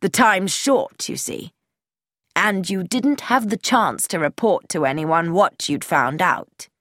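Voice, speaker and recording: A woman's voice: fairly low pitch, slow pace, a bit bright, no echo, studio quality. A woman voicing a cold, mocking middle-aged male commander who turns falsely genial, in an audiobook reading. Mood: menacing.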